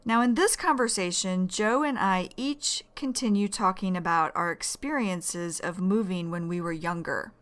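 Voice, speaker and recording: A woman from the United States teaching English vocabulary, speaking deliberately and repeating key words for learners. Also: fairly low pitch, a bit bright. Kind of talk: slow explanatory vocabulary lesson.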